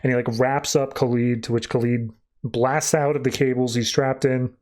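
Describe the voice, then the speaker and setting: A man's voice: medium pitch, flat delivery, moderate pace, darkish tone. A man hosting a podcast who casually recaps a comic book, loosely acting out the characters' lines as he goes. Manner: loose storytelling that acts out quotes with "he's like". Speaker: podcast host.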